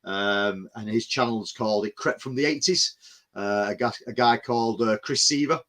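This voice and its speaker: A man's voice: fairly low pitch, moderate pace, bright, forceful tone. A man from England, chatting casually as a podcast host, rambling with lots of restarts. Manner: rambling, many restarts and "you know what I mean". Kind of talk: casual chat.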